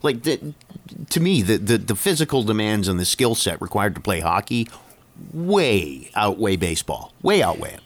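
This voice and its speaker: Lively, emphatic low-voiced man. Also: moderate pace. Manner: emphatic, repeats points for stress. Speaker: podcast co-host. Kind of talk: casual sports debate chat.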